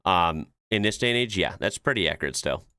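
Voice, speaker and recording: A man's voice: sits low, expressive, a little fast, bright, forceful tone, clean tone, no room sound, studio quality. A man hosting a reaction video, chatting casually with lots of fillers and laughs. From United States. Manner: laid-back, chuckles often, explains with many fillers.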